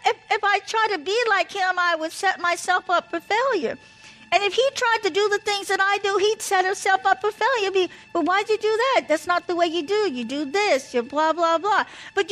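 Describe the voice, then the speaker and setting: A woman's voice: very high-pitched, a bit bright, poor audio. A woman casually telling stories and giving advice about marriage, in a chatty, anecdotal way. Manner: chatty, anecdotal, repeats "blah, blah". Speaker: speaker sharing marriage advice. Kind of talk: casual storytelling talk.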